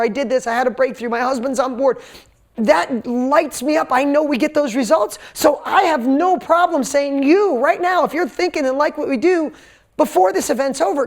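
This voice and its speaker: A man giving a sales talk to a live seminar audience, telling stories animatedly, acting out quotes and swearing casually. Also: very high voice. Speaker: seminar speaker. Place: event stage before a live audience.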